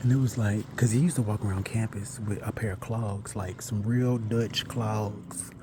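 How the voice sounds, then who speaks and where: A man telling a long, rambling personal story in a chatty way, with asides and self-corrections, sometimes dropping to a hush. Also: fairly low pitch, fairly even intonation, moderate pace, noisy background.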